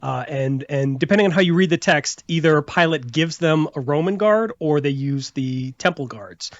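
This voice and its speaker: A man's voice: fairly high pitch, animated, moderate pace, no room sound, lo-fi sound. A man hosting a casual podcast chat, rambling with many restarts and fillers and laughing often. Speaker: podcast host.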